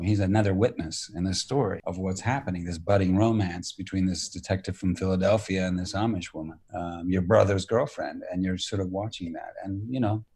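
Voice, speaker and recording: A man in his sixties, an actor and director, telling stories in a relaxed interview, acting out quoted dialogue. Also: fairly low pitch. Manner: storytelling, acts out quoted dialogue, mild profanity. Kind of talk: relaxed anecdotal interview talk.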